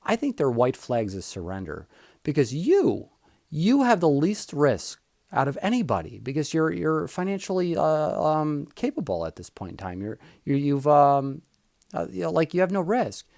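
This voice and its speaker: A man's voice: fairly high pitch, big pitch swings, moderate pace, creaky, darkish tone, dry recording, studio quality. A younger man hosting his own podcast, talking in a blunt, opinionated solo monologue that rambles with many fillers. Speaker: podcast host, physician.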